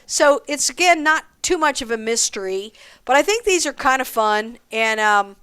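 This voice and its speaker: Woman drum instructor, higher voice, smooth and clear, counts beats aloud, encouraging. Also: expressive, moderate pace, bright, forceful tone. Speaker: drum teacher. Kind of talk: music lesson with counting aloud.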